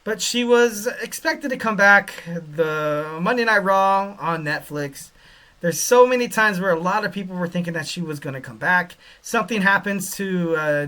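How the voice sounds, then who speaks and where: Guy rambling thru his podcast, kinda high bright voice, lots of "you know"s. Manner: rambling, joking, lots of fillers. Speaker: podcast host. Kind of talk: casual commentary.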